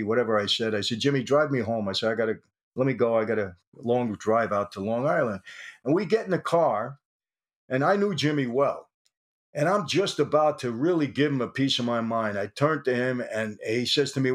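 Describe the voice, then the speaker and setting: Older New man telling a tense story. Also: medium pitch. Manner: animated storytelling, acts out quoted dialogue. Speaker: interview guest, former mobster. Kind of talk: storytelling interview.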